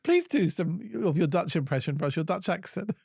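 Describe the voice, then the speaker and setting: A man co-hosting a comedy podcast, chiming in with camp, quick-witted quips. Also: sits high, very animated, gravelly, breathy edge, dry recording, clean studio sound. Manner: camp, quick-witted interjections and loud laughter. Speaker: co-host. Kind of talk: casual comedy podcast chat.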